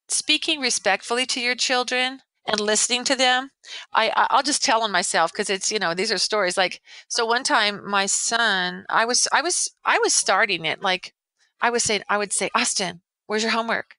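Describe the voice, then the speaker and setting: A woman's voice: a little high, normal speed, bright, forceful tone, dry recording, low-quality recording. A woman in her sixties, a veteran educator, giving parenting advice in a casual interview, earnest and rambling with many restarts. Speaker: veteran educator, podcast guest.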